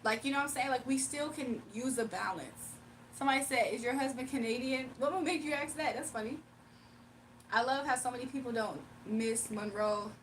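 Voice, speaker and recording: A woman's voice: high voice, fairly quick, far from the mic, slight background noise. A young woman hosting a casual livestream, playful and laughing as she talks to her chat. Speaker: livestream host.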